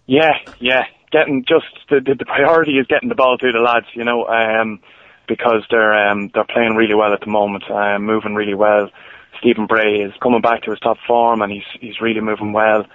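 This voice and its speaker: A man's voice: fairly low pitch, little pitch movement, brisk, no room sound. A man from Ireland, a guest footballer, talking easygoingly with many fillers and restarts over a phone line. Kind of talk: casual interview over the phone. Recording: dry, tinny phone line.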